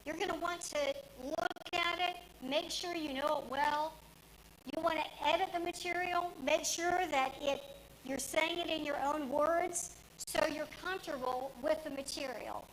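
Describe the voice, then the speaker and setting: A woman's voice: high voice, steady tone, measured pace, slight background noise, rough recording. A woman giving a lesson to a room of trainees, speaking directly and instructively with occasional fillers. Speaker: media trainer. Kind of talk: presentation to a class.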